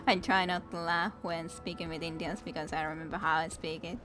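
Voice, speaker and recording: Gal streaming a game, kinda low voice, slow and giggly, game music going behind. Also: female voice. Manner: chatty, giggly, talks to the enemies she fights. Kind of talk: casual let's-play commentary. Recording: game music playing under the voice. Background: video game music.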